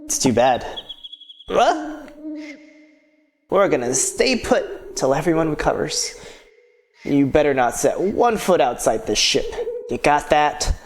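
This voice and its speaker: A man voicing a burly, blunt thief boss in a low, gruff voice over game music. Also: sing-song, slow pace, pauses often.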